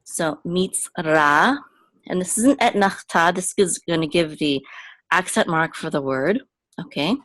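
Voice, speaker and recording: A woman's voice: lowish voice, a little slow, a bit bright. A woman teaching Biblical Hebrew step by step, patiently repeating each word and checking in with "okay?" as she goes. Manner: adds frequent "okay?" checks. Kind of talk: slow step-by-step language lesson.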